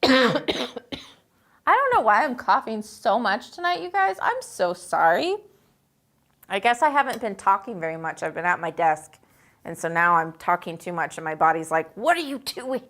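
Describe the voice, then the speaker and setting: A woman's voice: medium pitch, expressive, moderate pace, a bit bright. A woman hosting a live chat in a chatty, upbeat way, reading out viewer comments and rambling on with lots of "you know" and "like" while a quilt hangs behind her indoors. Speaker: host.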